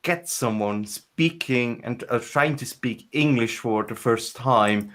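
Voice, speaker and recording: Man, casual podcast chat, middle pitch, rambling, lots of restarts. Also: slow, a bit bright. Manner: rambling with many restarts and fillers. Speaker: podcast co-host.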